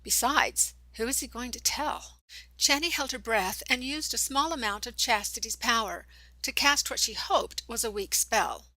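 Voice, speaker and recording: A woman narrator reading a young adult novel aloud in an expressive storytelling manner. Her voice is bright and sits a little high. The recording is dry and close, with no room sound. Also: moderate pace, dry recording, rough recording. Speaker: audiobook narrator. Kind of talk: scripted audiobook narration.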